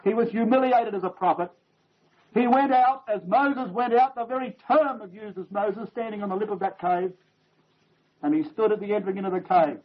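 A man preaching a sermon to his congregation, emphatic and measured, sinking to a hush for quoted lines. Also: sits high. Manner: emphatic, drops to hushed near-whisper on quoted lines. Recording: dull lo-fi recording.

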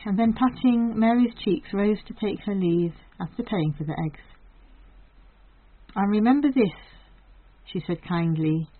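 Brief: female audiobook reader, measured storytelling, tinny phone-like audio. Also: on the low side. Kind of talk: storybook narration. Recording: thin phone-like sound.

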